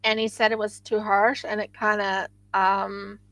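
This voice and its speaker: A woman's voice: medium pitch, flat delivery, unhurried, a bit bright, no room sound, rough recording. A woman hosting a craft livestream, chatting casually and rambling with frequent restarts.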